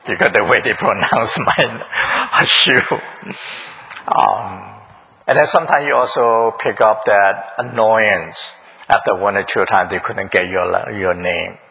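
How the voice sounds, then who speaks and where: A man's voice: on the low side, slow, vocal fry, pushed and bright, slightly rough, poor audio. A man preaching a sermon in a church, questioning the congregation, repeating their answers and chuckling often. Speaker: pastor. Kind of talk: interactive sermon.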